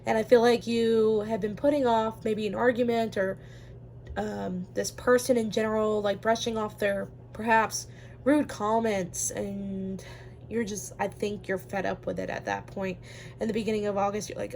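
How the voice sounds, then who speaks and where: A woman's voice: medium pitch, flat delivery, normal speed, darkish tone, slight background noise. A woman giving a casual pick-a-card tarot reading, chatty and rambling, with lots of ums and easy laughter. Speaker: tarot reader.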